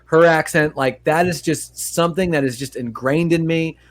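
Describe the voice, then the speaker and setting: Chatty New man, fairly high voice. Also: normal speed. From Long Island, New York. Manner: animated, acts out movie quotes with laughter, swears a lot. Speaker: podcast co-host. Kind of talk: casual chat.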